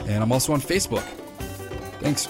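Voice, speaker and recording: Over music, this fly fishing consultant speaks at a medium pitch with lively intonation and a fairly quick pace. It's his own podcast, captured on a computer, and he fills the casual solo talk with enthusiastic, meandering stories.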